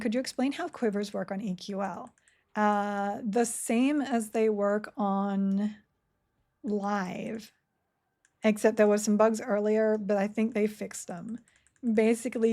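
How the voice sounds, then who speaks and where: A woman's voice: medium pitch, dark tone. A woman live-streaming a game, chatting cheerfully and answering questions from chat as she plays. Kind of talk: casual live-stream chat while playing.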